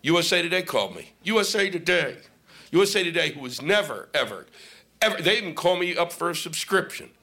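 A man's voice: on the high side, lively intonation, brisk, sharp tone. A man doing a stand-up routine on stage, ranting, sarcastic and full of profanity. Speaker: stand-up comedian. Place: stage before live audience. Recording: noisy live recording.

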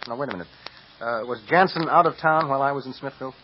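An actor playing a quick-talking lawyer who is calm and in charge, in a 1950s radio drama. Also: male voice, mid-range voice, lightly acted. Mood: steady. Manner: quick, lively questioning. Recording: muffled old radio recording with hiss.

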